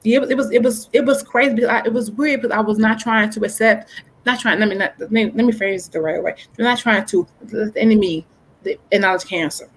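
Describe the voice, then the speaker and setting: A woman guest in a casual interview, earnestly telling a personal story with deep faith and often restarting her phrases. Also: fast, husky, poor audio. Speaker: guest author.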